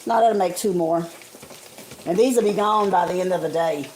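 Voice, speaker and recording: A woman's voice: fairly low pitch, moderate pace, darkish tone, rough recording. A woman, talking viewers through a recipe in a casual, homey live cooking stream from her kitchen. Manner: chatty and homey, calls viewers honey and guys. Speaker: home cook streaming live. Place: home kitchen, frying on the stove. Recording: faint kitchen noise with frying sizzle.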